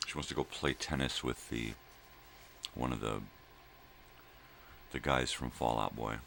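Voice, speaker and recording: Very deep gravelly older man. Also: steady tone, unhurried, a bit bright, slight background noise. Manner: rambling, profane, drifting between thoughts with fillers. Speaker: daily vlog host. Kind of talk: casual morning monologue to viewers. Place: at home in the early morning.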